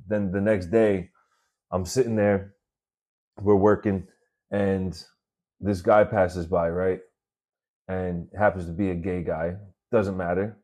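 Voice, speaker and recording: A man with a very low voice hosts his own podcast, telling stories about his work week. He talks in a relaxed, chatty way and swears freely. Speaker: podcast host. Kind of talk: casual storytelling monologue. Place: working in New York City.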